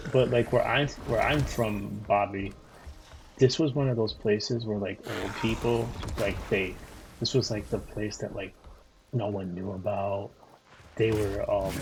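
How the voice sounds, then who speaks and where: A man's voice: on the low side, noisy background. A man streaming a video game, chatting casually with viewers in a rambling, profane way full of fillers and restarts. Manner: talks back to viewers' chat messages. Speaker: gaming streamer. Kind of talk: casual livestream chat while playing. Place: living in Florida.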